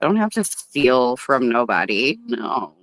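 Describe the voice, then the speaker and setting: A woman's voice: extremely low pitch, sing-song, unhurried, dry recording. A woman hosting a casual livestream outdoors at a table, chatty and blunt and swearing freely. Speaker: livestream host.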